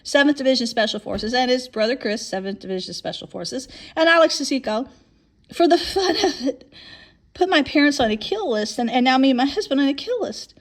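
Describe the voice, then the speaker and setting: A woman's voice: high-pitched, lively intonation, a little fast. A woman in her fifties telling a long personal story in a monologue, rambling and often repeating or restarting her words.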